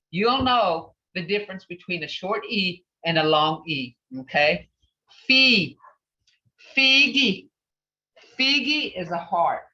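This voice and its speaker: Woman language teacher, unhurried and bright, patient drill of words; roomy, dull recording. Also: medium pitch, far from the mic. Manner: patient, sounds out each word slowly and repeats it. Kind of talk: teaching a beginner language class. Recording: echoey, dull lo-fi class recording.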